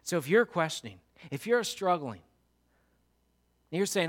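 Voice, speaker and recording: A man preaching a sermon as pastor, animated, moving between loud storytelling and hushed emphasis. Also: a little high, unhurried, pauses often.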